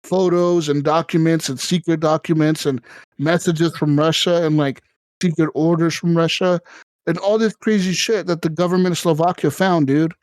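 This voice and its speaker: A man hosting a podcast, telling a story in casual, excited, profane chat. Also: on the high side, normal speed, clear, resonant tone, no echo, low-quality recording. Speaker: podcast host.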